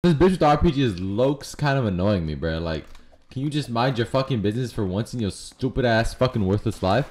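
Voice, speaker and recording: A man's voice: medium pitch, animated, a little fast, darkish tone, a little hiss or hum. A man giving crude, joking commentary while playing a game online, trash-talking other players. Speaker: gaming streamer. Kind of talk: casual gameplay commentary.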